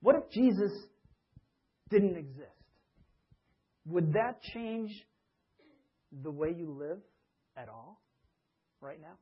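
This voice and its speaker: A man preaching a conversational sermon, asking his listeners questions and sometimes acting out grumbling voices with a rising pitch. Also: very animated, slow, long pauses, slightly rough, muffled recording. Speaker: pastor.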